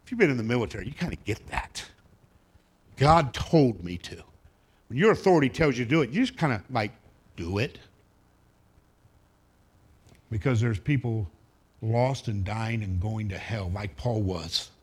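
A man's voice: fairly low pitch, lively intonation, brisk, husky. A male pastor preaching a sermon, telling a personal story in a folksy way with humorous asides to his congregation.

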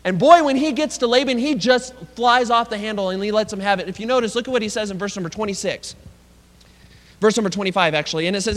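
High-voiced preacher in a reverberant hall. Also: male voice, brisk. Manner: animated storytelling with asides to the congregation. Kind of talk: sermon.

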